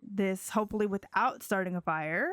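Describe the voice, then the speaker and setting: A woman's voice: mid-range voice, fairly bright tone, no room sound. A woman casually narrating a life-sim game, chatty and giggly. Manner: chatty, giggly, slow drawl. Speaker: let's play creator.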